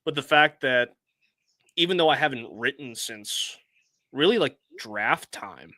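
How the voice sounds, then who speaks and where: A man's voice: mid-range voice, animated, measured pace, sharp tone, no echo. A man co-hosting a sports podcast, talking in a reflective, easygoing way with fillers. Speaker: podcast co-host. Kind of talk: casual podcast chat.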